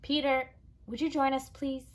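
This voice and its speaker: A woman's voice: sits high, level tone, moderate pace, pitched above the performer's own voice, natural voice. A woman voicing a patient, reasonable father in a children's storybook read aloud. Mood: calm.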